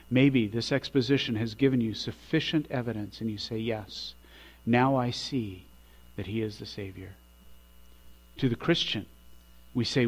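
A middle-aged man preaching a sermon as pastor, emphatic, swelling loud on key phrases and dropping low after them. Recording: dull lo-fi recording with mains hum.

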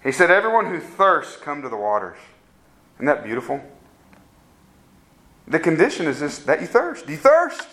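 A man's voice: fairly high pitch, sing-song, moderate pace, pauses often, a bit bright. A man preaching a sermon, making earnest, pleading appeals to his listeners.

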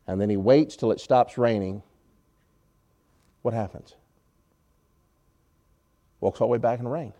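A man's voice: mid-range voice, unhurried, pauses often, dark tone, highs cut off. Man preaching a conversational sermon. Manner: conversational, rhetorical questions, wry sarcasm, volume swings. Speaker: pastor.

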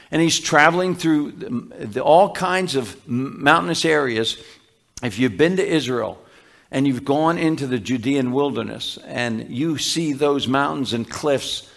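A male pastor preaching a sermon, teaching patiently, with frequent restarts and slowed, emphatic scripture quotes. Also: mid-range voice, fairly bright tone.

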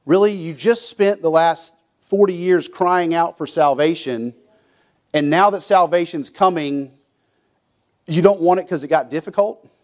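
Folksy preacher man, fairly high voice. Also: a little slow. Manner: folksy preaching, acts out quotes with repeats and restarts. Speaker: pastor. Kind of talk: sermon.

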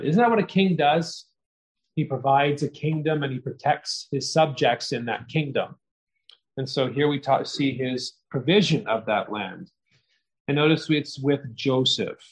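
A middle-aged man preaching a sermon, earnest and expository, growing more animated as he explains scripture. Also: medium pitch, poor audio. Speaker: pastor.

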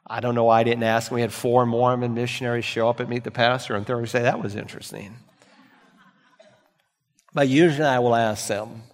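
Preaching man in an echoing hall. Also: mid-range voice. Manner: preaching with dramatic swings in volume and emphasis. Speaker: pastor. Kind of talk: sermon.

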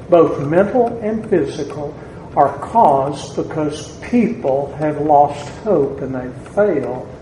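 A man with a Southern US accent preaching a sermon to a congregation in a church, deliberate and building to emphatic peaks. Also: fairly high pitch, dark tone, a little hiss or hum. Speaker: pastor. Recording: echoey church room with faint ambience.

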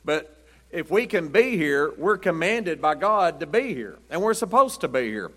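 A man's voice: fairly high pitch, very animated, moderate pace, a bit bright. A man, preaching a folksy Wednesday night sermon as pastor, chuckling as he tells down-home stories. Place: church sanctuary. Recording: church sanctuary with long reverb.

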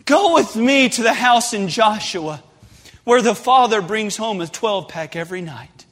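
A man preaching a sermon, passionate and rising to shouted pleas. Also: sits high, animated, moderate pace. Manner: impassioned, builds to shouted pleas. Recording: long hall reverb.

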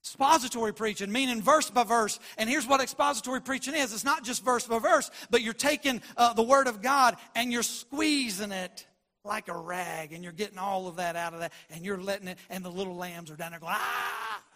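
Male pastor, sermon delivery, high voice, bright and forceful, swings from hushed to loud. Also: fairly quick. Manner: passionate, shifts from quiet to loud.

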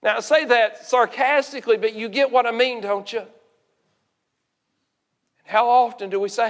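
A man delivers an earnest sermon in a high, bright-pitched voice, stretching out the words he wants to stress. He often repeats words as he builds each point. The sound rings with a long reverb, as in a large hall. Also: fairly even intonation, normal speed, long pauses. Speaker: pastor.

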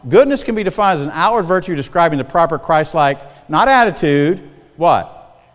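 Middle-aged male pastor, fairly high voice, folksy and conversational, preaching in a big hall with long reverb. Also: animated, normal speed. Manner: folksy, conversational, checks in with the congregation. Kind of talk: sermon.

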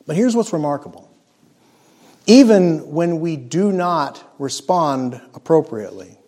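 Guy preaching a sermon, kinda high voice, earnest and emphatic, drops real quiet on big words. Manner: acts out scripture quotes in character voices.

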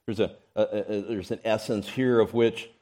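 A man preaching a sermon, reading scripture aloud in an expressive, rising and falling delivery. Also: lowish voice, normal speed. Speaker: pastor.

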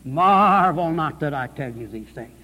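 A man's voice: a little high, animated, a little slow, bright, forceful tone, big-room sound, rough recording. A man preaching a radio sermon, telling a conversion story and quoting the people in it, building to fervent peaks. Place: church or hall with pulpit.

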